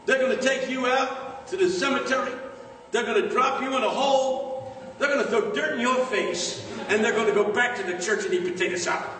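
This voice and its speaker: A man doing a stern, high-pitched old-time pastor. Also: a bit bright, very echoey, long reverb tail, distant mic. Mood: solemn warning. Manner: slow, solemn warning. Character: stern preaching pastor warning of death.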